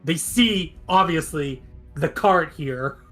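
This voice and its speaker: A man with a fairly high voice, thinking out loud as a player at a tabletop game. He stalls often, repeating words while he works out a plan, with faint music underneath. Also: takes it slowly. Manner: hesitant, many fillers and restarts. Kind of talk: casual chat at a tabletop game.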